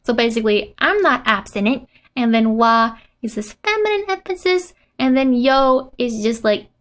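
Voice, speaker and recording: A woman's voice: on the high side, lively intonation, moderate pace, fairly bright tone. A woman giving a casual language lesson, often laughing and playfully reading out lines from a comic. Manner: giggly, reads out character lines with playful voices. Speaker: Japanese teacher.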